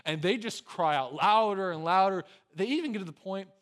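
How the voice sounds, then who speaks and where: A pastor, a man with a slightly high voice, telling the story like a chat with friends. He keeps tossing in "right?" and drops to a hushed, low tone for the serious points before picking back up. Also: lively intonation, a little fast. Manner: conversational, with a frequent tag "right?"; swings between loud acted quotes and quiet, low asides. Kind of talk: casual storytelling sermon.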